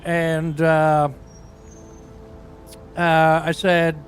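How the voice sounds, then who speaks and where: A man playing a crude, boastful rock singer who rambles through profane, deadpan tall tales in a game roleplay. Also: on the high side, very slow, faint music behind. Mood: rambling, crude. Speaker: roleplay character.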